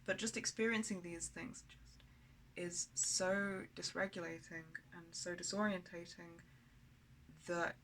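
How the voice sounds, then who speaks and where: A woman's voice: fairly low pitch, steady tone, measured pace, fairly bright tone, a little hiss or hum, rough recording. A woman talking candidly in a personal video diary, blunt and rambling, with frequent swearing. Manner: rambling, with many fillers and restarts. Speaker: vlogger.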